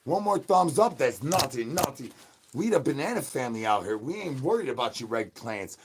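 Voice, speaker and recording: Yo a young guy streaming in a costume, talks silly slang nonsense, swings loud to low and mumbly. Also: big pitch swings, normal speed, creaky, noisy background. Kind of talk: rambling improvised livestream banter.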